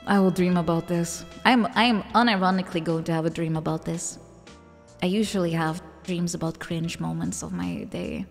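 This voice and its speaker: A woman's voice: fairly low pitch, fairly even intonation, moderate pace, vocal fry. A woman streamer with a Dutch accent chatting casually with her live chat, giggly and self-mocking. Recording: long reverb with faint music behind.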